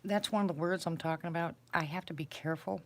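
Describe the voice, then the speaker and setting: A woman's voice: fairly low pitch, fairly even intonation, fast talker. A woman hosting a casual livestream, chatting with viewers in a rambling, self-deprecating way while sitting on the floor indoors. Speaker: livestream host.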